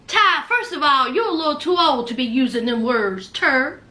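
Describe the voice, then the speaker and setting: A woman's voice: high-pitched, moderate pace, hardly any pauses, pushed and bright. A woman giving a casual recap of a reality show, sassy and speaking straight to her viewers.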